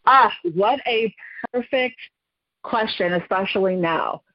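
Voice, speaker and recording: A woman in her forties tells a personal story with lively, expressive delivery and sudden leaps in pitch. Her voice sits in a middle register. The recording is dry and a little dull and lo-fi. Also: slow pace, dry recording. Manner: expressive, acts out quotes with big pitch jumps. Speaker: podcast guest.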